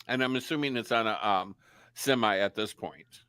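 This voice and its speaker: A man's voice: fairly low pitch, moderate pace, sharp tone, clear, resonant tone, no echo. A man hosting a casual talk show, telling a rambling story and acting out the people in it. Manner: chatty storyteller, acts out quoted voices. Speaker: podcast host. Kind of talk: casual chat.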